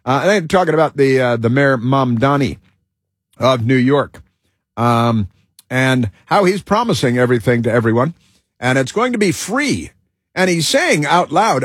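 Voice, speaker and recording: A man's voice: mid-range voice, big pitch swings, slightly rough, no echo, studio quality. A man hosting a talk show, delivering a rambling monologue full of fillers, restarts and repeated words. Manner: halting, with many fillers and restarts.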